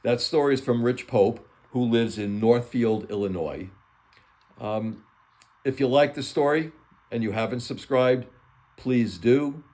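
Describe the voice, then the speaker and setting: A man's voice: mid-range voice, a little slow, dark tone. A man hosting his channel as an author, reading stories aloud in a plain, earnest way.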